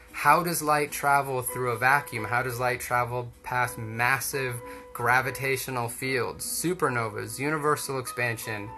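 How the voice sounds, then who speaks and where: A man's voice: mid-range voice, pushed and bright. A young man giving a casual storytelling talk, rambling and chatty with lots of fillers.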